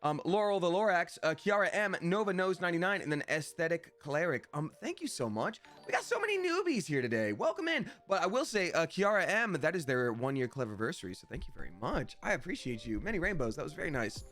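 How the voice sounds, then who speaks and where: A man's voice: on the high side, very animated, fast talker, few pauses, a bit bright, faint music behind. A man hosting a live game stream, chatting casually and cheerfully thanking viewers by name. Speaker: Twitch streamer and voice actor.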